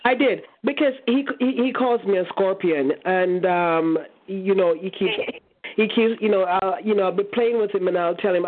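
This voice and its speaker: A woman calling in to share a story, chatty, with many pauses and restarts. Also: medium pitch. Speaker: caller. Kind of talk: casual phone testimony. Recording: tinny phone line.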